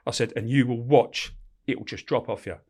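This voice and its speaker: A man's voice: mid-range voice, brisk. A middle-aged man, a former prison officer telling prison stories in casual chat, swearing freely and acting out the dialogue. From England. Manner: swears constantly, animated, laughs while telling. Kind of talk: casual storytelling with acted-out dialogue.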